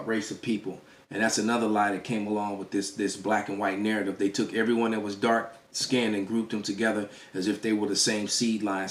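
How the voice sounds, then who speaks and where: A man's voice: fairly low pitch, fairly bright tone. A man giving an emphatic preaching-style lecture as a religious teacher, often stopping to ask "all right?" and restarting phrases as he goes. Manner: restarts and stammers mid-phrase.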